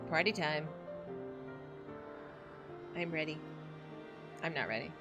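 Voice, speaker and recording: A woman streaming a game, reacting with excitable, laughing, emotional outbursts. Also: sits low, slow, music in the background. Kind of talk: casual gameplay livestream.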